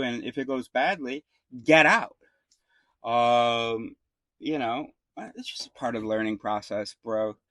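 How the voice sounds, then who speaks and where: This vlogger, a man with a medium-pitched, fairly bright voice, tells the camera a meandering story in a casual way. He swears liberally, leans on fillers, and keeps restarting sentences; there's no echo.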